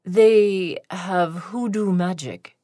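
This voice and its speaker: A woman putting on a sly male shoemaker in his late thirties with an unplaced foreign accent. He speaks slowly and softly, in a hushed, insinuating way that carries a hint of menace. It is a storybook tale, read up close in a very dry sound. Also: fairly low pitch, no echo.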